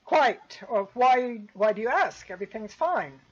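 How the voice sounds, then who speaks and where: A woman voicing an elegant half-elf nobleman who speaks with stiff, halting politeness. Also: a little high, lively intonation, slightly rough. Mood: defensive. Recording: dull lo-fi recording.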